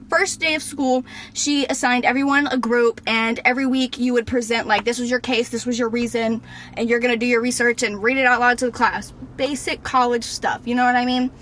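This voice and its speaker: A woman in her twenties ranting unscripted to her camera, fired up and swearing, sometimes shouting. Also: fairly high pitch. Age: 20s. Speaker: vlogger. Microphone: camera mic.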